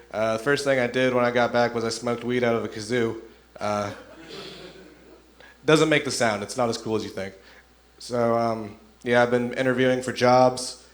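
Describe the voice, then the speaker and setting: Man doing a laid-back stand-up set. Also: medium pitch. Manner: laid-back storytelling, acts out voices of people in his stories. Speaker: stand-up comedian.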